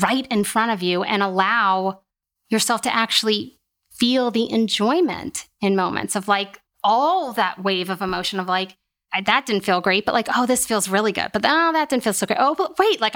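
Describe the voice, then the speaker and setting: A woman speaks as a podcast guest in a conversational, reassuring way. She leans into her points with emphasis and often says "like", and her voice stays at a middle pitch. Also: a bit bright. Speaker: guest, occupational therapist. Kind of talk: casual interview conversation.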